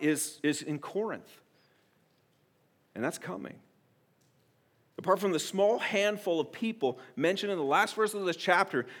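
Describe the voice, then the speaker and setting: A man preaching a sermon as a pastor. He speaks earnestly and directly to his congregation, moving between hushed, intimate appeals and loud, emphatic declarations. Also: sits high.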